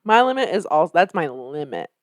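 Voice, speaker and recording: A woman's voice: low-pitched, very animated, a little fast, no room sound. A young woman co-hosting a podcast in casual chat, giggling and swearing now and then. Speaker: podcast co-host.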